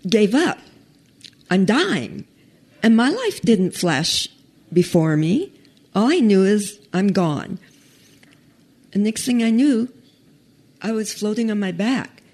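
A woman telling a personal story in an unhurried, conversational way, pausing and restarting as she goes. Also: mid-range voice, a little mellow.

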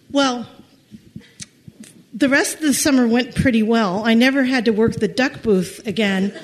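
A woman with a high voice tells a story from her own life. She talks haltingly, often repeating small words, and laughs lightly as she goes. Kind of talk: personal storytelling.

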